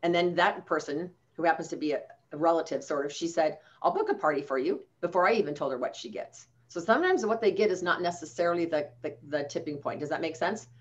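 A woman's voice: low-pitched, fast talker, few pauses, lo-fi sound. A woman sales trainer giving a chatty coaching talk over a video call, telling stories with quoted dialogue.

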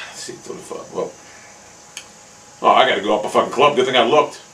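A young man commentating his own golf video game, hot-tempered and swearing constantly, often bursting into angry shouts. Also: on the low side, a little fast, pauses often, faint music behind, low-quality recording. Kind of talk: live gameplay commentary.

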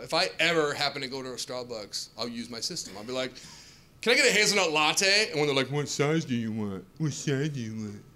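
A male stand-up comedian who tells his jokes in an animated way and acts out customers and counter workers, on a comedy club stage. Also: mid-range voice, a little hiss or hum. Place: comedy club stage before a laughing crowd. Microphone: handheld stage mic. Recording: live club audience laughter.

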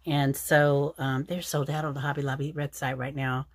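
A woman talks through her craft projects in a loose, rambling way, full of "um"s and restarts. Her voice sits low, and the sound is dry and close with no room echo. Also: flat delivery, normal speed. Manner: chatty, rambling, many fillers and restarts. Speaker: crafting channel host. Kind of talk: casual craft show-and-tell.

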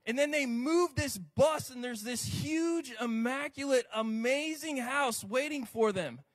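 Brief: American male pastor, high voice, lively conversational sermon delivery. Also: measured pace. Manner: lively, conversational preaching with asides to the congregation.

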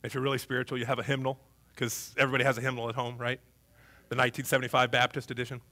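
A man preaching a sermon as pastor in a church, humorous and conversational with an animated delivery. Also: medium pitch, very fast. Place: church, before a congregation.

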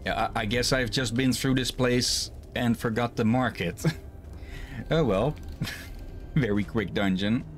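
A man streaming a co-op game with a friend, relaxed, thinking aloud and laughing often. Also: medium pitch, slow, pauses often, faint music behind. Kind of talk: casual gaming chat.

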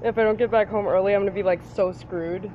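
A woman's voice: mid-range voice, steady tone, quick pace, lo-fi sound. A teenage girl vlogging outdoors on a city street from a handheld device, rambling, self-mocking and swearing constantly. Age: teen. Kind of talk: casual rambling vlog. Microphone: handheld phone or tablet. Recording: loud street traffic noise. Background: street traffic.

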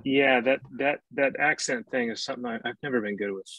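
Rambling American host, dry sound. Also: male voice, medium pitch, a little fast, fairly bright tone, dry recording, dull audio. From Spokane, Washington, USA. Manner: rambling, repeats words. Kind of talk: casual discussion. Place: Scotland.

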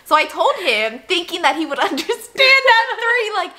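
Woman, podcast co-host, casual chat, lively storytelling, high bright voice. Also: a little fast, few pauses. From Florida. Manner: animated storytelling with laughs.

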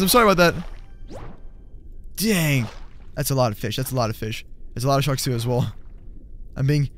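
A gaming channel host with a fairly high-pitched voice gives excited, chatty commentary over a mobile game. He exclaims and laughs often, with faint game music playing behind him.

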